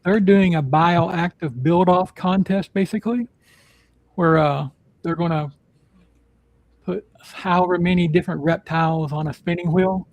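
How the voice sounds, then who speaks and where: Gravelly, high-pitched male podcast host. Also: steady tone, measured pace, a little mellow, no echo, dull audio. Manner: rambling, filler-heavy announcements. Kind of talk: casual live podcast chat.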